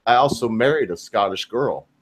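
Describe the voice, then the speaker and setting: Over background noise, an American live-stream host talks casually with his guest at normal speed, his medium-pitched voice animated. He rambles, swears freely, and jokes as he goes.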